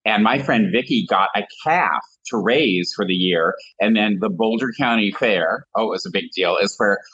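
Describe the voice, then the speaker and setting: A man's voice: on the low side, moderate pace, fairly bright tone, slightly rough, dull audio. A man from Colorado, a guest telling funny stories in casual chat with comic asides. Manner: theatrical storyteller with comic asides.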